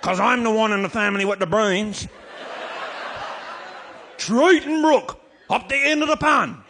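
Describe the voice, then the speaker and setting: A man with a Newfoundland accent telling a comic tall tale to a live audience, shouting and laughing as he goes. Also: high voice, a little slow, slight background noise. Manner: rollicking, shouting and laughing through a yarn. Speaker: storyteller.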